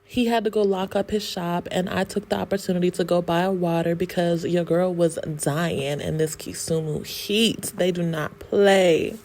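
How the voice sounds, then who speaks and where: A woman's voice: fairly low pitch, fairly even intonation, moderate pace, hardly any pauses, darkish tone, slight background noise. A woman from the United States talking casually to her viewers in a travel vlog, laughing often and using slang. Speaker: travel vlogger.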